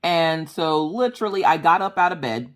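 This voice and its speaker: A woman's voice: low-pitched, animated, moderate pace. A woman in her thirties chatting casually while she crafts, rambling through family stories and acting out the dialogue. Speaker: crafting vlogger.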